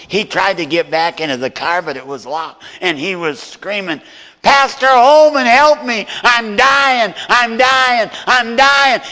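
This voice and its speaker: A man's voice: fairly high pitch, sharp tone. An older man preaching as a guest speaker, telling a story and acting out the voices of the people in it. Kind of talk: sermon storytelling. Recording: hall reverb.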